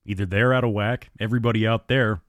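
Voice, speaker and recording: Man reading as a worried radio guy, quiet grim talk, dry close sound. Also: fairly low pitch, steady tone, quick pace, dry recording, close to an everyday voice. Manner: quiet, meaningful.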